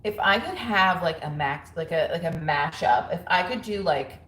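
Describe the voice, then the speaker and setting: A chatty woman in her thirties talks casually to her livestream viewers from home. Her voice sits low, and the room adds a noticeable echo. She is frank, full of fillers, and quick to laugh. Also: lively intonation, a bit bright. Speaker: livestream host. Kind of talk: casual livestream chat reading viewer comments. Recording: roomy echo.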